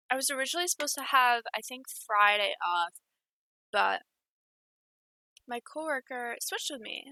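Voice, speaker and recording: A young woman chatting casually and excitedly with her live stream viewers, giggling often. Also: high voice, no room sound.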